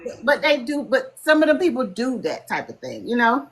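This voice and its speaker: A woman's voice: fairly high pitch, sing-song, moderate pace. Blunt, scolding woman addressing viewers. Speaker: host presenting slides. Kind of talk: casual livestream talk.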